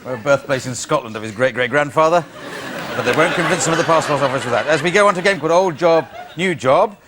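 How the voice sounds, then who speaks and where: A man's voice: a little high, fast, a crowd in the background. A man hosting an improv comedy show, setting up games with dry, wry asides before a studio audience. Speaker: host. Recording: studio audience laughter and noise.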